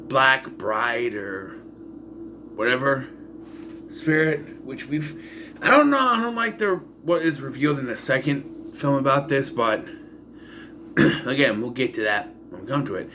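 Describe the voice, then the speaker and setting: A man's voice: medium pitch, sharp tone, slight background noise. A man casually reviewing a horror film, rambling through the plot with asides and dry, exasperated remarks on its holes. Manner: rambling, loose retelling with frequent asides and fillers. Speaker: movie reviewer.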